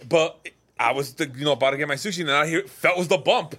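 A man's voice: on the high side, fast, a bit bright. A man on a casual podcast chat, telling a story animatedly with plenty of swearing. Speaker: podcast co-host.

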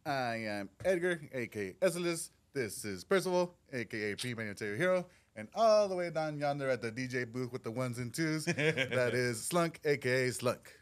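A man's voice: medium pitch, animated, moderate pace, hardly any pauses. A man hosting a casual podcast, rambling, trailing off mid-sentence and laughing a lot. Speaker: podcast host.

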